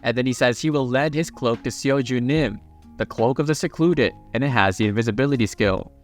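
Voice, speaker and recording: A man's voice: medium pitch, brisk, soft background music. A man narrating a story recap in a casual, chatty way with playful asides.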